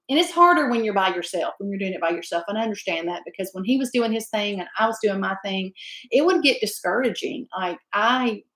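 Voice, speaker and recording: A woman in her fifties with a drawl chats on a home live stream. She is effusive and talkative and greets each viewer by name at an ordinary middle pitch. The room gives her voice a noticeable echo. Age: 50s. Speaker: livestream host. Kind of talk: casual live-stream chat reading viewer comments.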